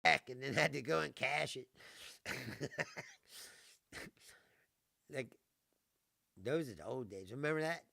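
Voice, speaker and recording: A man's voice: medium pitch, animated, takes it slowly, gravelly, long pauses, bright, forceful tone, no room sound, studio quality. A middle-aged man hosting a live stream, telling a story in a casual, exasperated rant, laughing and swearing as he goes. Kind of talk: casual ranting monologue.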